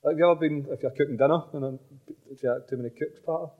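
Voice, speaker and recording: A Scottish man tells stories at a quick clip, loose and slangy, drifting from one thought to the next. The recording is a little dull and muffled, as if taken backstage at a festival. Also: a little high. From Scotland. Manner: relaxed, rambling, slangy. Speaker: musician guest. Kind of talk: casual backstage interview. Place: dressing room backstage at a festival.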